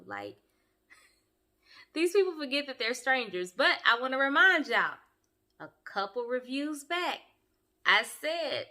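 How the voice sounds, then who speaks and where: Brief: lively young woman reviewer, bright sharp voice, a touch high, sassy and direct. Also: a little slow. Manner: sassy, animated, talks straight to viewers. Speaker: online show reviewer. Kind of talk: casual commentary.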